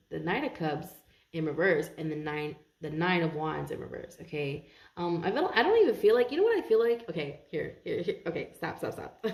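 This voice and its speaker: A woman giving a casual tarot reading to her viewers, chatty, laughing often and thinking aloud with many pauses and restarts. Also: mid-range voice, creaky, a little mellow. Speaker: tarot reader. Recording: roomy echo.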